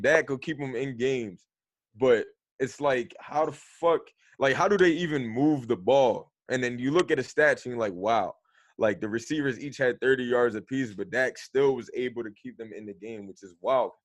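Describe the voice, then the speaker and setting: A man's voice: mid-range voice, moderate pace, dry recording, studio quality. A man co-hosting a sports podcast, talking bluntly and emphatically with casual profanity. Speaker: podcast co-host.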